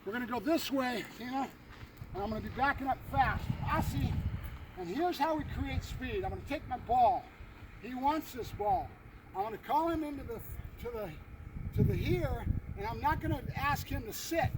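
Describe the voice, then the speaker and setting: A man with a very high voice explains dog-training drills outdoors, breaking off for quick commands to his dog and often checking in with "right?". He sounds set back from the mic. Clear outdoor noise sits behind him. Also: distant mic. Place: outdoors by a fence and a building.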